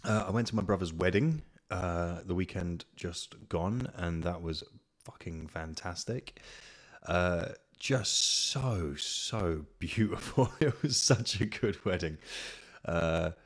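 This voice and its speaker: A man's voice: low-pitched, slow. A young man hosting a casual solo podcast, chatty and rambling, swearing freely. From Kent, England. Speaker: podcast host. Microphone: podcast microphone.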